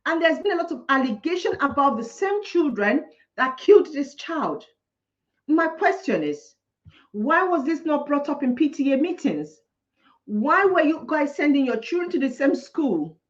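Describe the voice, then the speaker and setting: Impassioned high-voiced woman ranting. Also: very animated, moderate pace. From Nigeria. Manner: ranting, indignant, repeating points for emphasis. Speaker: teacher and vlogger. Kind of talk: impassioned commentary. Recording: dull lo-fi recording.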